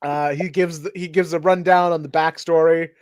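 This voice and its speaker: A man's voice: a little high, fairly even intonation, normal speed, smooth, no room sound, clean studio sound. A man hosting a casual comic review chat, rambling and full of fillers. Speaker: host.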